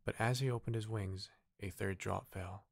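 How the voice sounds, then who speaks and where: A man reading a bedtime story aloud in a gentle, unhurried way. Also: fairly low pitch, fairly even intonation, vocal fry, dry recording, studio quality.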